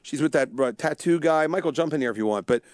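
A man's voice: a little high, fast talker, smooth, dry recording, studio quality. A man co-hosting a comedy podcast, swearing and pushing his own merch in crude banter. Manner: crude, plug-pushing, animated jokes.

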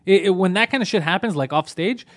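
A man who does stand-up comedy, telling stories in a casual podcast chat, profane and animated. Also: high-pitched, quick pace, no echo. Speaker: podcast host.

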